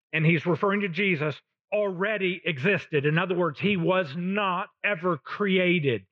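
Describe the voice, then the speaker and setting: A man with a fairly high voice preaches a sermon at an unhurried pace, pressing each short phrase with long pauses between them. The recording is dull and lo-fi, with a dry sound. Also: no echo. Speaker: pastor.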